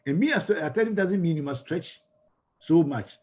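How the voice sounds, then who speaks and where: A man's voice: a little high, animated, normal speed, darkish tone. Ghanaian man lecturing with many restarts. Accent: Ghanaian English. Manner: repeats words and restarts, asks the class questions. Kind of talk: classroom lecture on communication.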